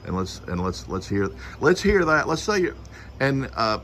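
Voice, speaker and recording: A man interviewing a guest, asking loosely phrased, halting questions. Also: medium pitch, sing-song, a bit bright, slight background noise.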